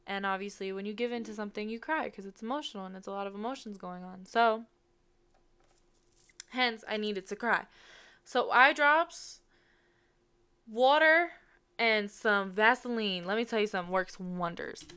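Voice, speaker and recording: A young woman in her twenties talks through her own music video in a chatty, gushing way, with bursts of laughter. Her voice sits at an ordinary pitch and sounds smooth and clear. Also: moderate pace, pauses often, sharp tone. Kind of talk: casual chat.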